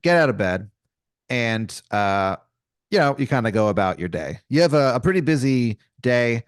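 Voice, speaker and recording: A young man improvising a comic story on a podcast, rambling with many fillers and mock-dramatic pauses. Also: medium pitch, very animated, smooth, no echo, clean studio sound. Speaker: podcast co-host telling an improvised scenario.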